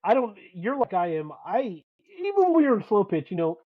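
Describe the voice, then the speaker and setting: A man co-hosting a podcast, telling profane, animated stories in casual sports banter as a dad and coach. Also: sits high, fairly quick, no room sound, lo-fi sound. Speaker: podcast co-host.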